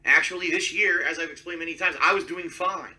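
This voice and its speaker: Male streamer, sharp bright tone, slightly high, defensive, recorded from far off the mic. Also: brisk. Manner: self-promoting, defensive. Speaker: live streamer. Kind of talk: talking to stream chat.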